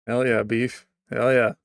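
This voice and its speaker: Gravelly-voiced man rambling on stream. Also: medium pitch, dry recording, clean studio sound. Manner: rambling, restarts, trails off into quiet mumbles. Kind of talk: casual livestream chat.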